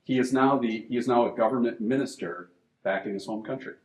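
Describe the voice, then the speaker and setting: A man's voice: medium pitch, a little fast. Male moderator, easy anecdotal delivery, roomy echo. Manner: relaxed anecdotal storyteller. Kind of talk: storytelling. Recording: echoey room.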